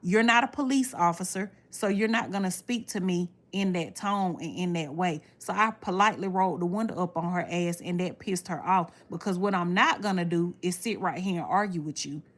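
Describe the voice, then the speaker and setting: A woman, casually telling viewers a story in a blunt, animated way and swearing freely. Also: fairly low pitch, a little fast, few pauses. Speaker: livestreamer talking to viewers.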